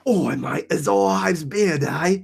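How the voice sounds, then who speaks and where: A loud mock-Australian wildlife presenter blares out his lines, as a man hams him up. The voice sits a little high and bursts into shouts. He sounds like a showman from a nature program. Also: takes it slowly, gravelly, husky, full character voice. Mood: rowdy excited.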